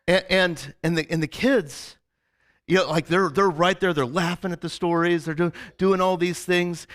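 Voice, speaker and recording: A male pastor spins a rambling, animated story in his sermon, tossing "right?" to the congregation again and again. His voice sits high and sounds sharp and bright. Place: church service before a congregation.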